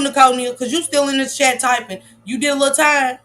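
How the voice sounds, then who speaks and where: A woman hosts a casual livestream, reading out viewer comments and reacting with blunt, emphatic remarks. Her voice is pitched a little high and has a sharp, bright edge. She laughs often and swears freely. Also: brisk, few pauses.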